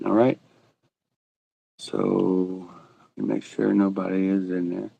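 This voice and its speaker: A man's voice: low-pitched, level tone, slow pace, creaky, phone-quality sound. A man running a casual live auction, joking and laughing as he calls out bids and buyers by name. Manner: joking, laughs often, self-teasing. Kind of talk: casual livestream auction chat.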